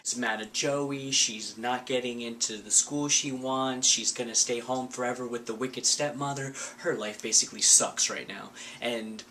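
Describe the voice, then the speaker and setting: A man's voice: mid-range voice, fairly even intonation, moderate pace, few pauses, pushed and bright, slight background noise. A man giving a casual, sarcastic recap of a movie, full of filler words. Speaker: vlogger.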